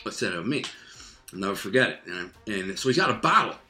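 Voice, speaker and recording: A man telling a rough street story in casual talk, animated and streetwise, acting out voices and sound effects. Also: fairly low pitch, fast talker, reverberant.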